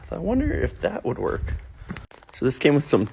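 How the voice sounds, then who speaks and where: A man's voice: a little high, wildly swooping pitch, a little fast, creaky, mellow, slightly rough. A man, a farmer narrating his own shop project in a dry, muttering, self-deprecating way with offhand swearing. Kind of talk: casual project vlog narration.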